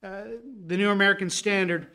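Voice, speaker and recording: A man preaching a sermon as pastor, earnest and building to a forceful rebuke, with frequent restarts. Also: high-pitched, flat delivery, fairly quick, smooth.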